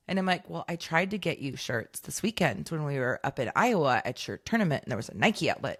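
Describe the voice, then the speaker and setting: Thirties woman, podcast co-host; lively, low-voiced storyteller who acts out every line and swears freely. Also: brisk. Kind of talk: casual chat.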